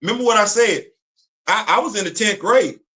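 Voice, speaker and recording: A man's voice: sits high, a little fast, bright, forceful tone. A man hosting a live show, giving an impassioned commentary full of slang, repetition and rhetorical questions. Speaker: host. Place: home studio on a live stream.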